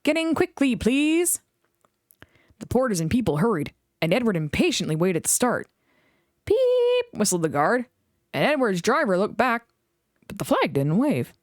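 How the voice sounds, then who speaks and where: A woman reading a children's storybook aloud in an expressive way. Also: medium pitch, fairly quick, dry recording, studio quality. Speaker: reader.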